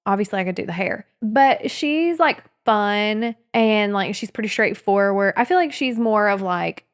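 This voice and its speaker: A woman in her thirties co-hosting a casual podcast, lively and teasing, laughing often. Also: medium pitch, moderate pace, clean tone. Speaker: podcast co-host. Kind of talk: casual chat.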